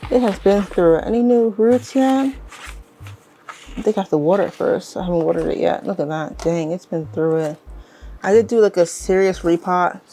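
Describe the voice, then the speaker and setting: A woman's voice: on the low side, moderate pace. Chatty young woman vlogging over faint music. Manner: chatty, rambling, excitable, self-correcting. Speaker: plant vlogger. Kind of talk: casual vlog chat while working. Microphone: handheld camera on tripod.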